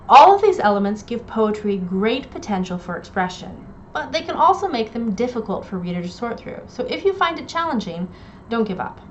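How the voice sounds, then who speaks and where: A woman English instructor giving a recorded lecture, explaining terms clearly and reading poems aloud. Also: mid-range voice, sing-song, brisk, a bit bright. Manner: clear explanatory delivery with quoted poem readings. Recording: dull lo-fi audio, faint noise.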